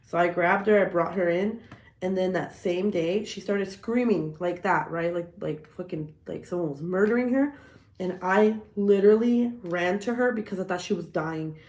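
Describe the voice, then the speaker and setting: A woman, telling stories in a profane, animated way with frequent laughs during a casual livestream chat. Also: fairly low pitch, normal speed, roomy sound. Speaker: livestream host.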